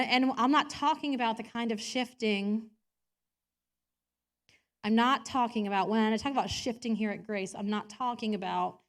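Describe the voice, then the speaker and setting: Chatty, laughing woman preaching. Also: mid-range voice. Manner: chatty, self-deprecating, laughs often, acts out quotes. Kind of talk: personal sermon. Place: church.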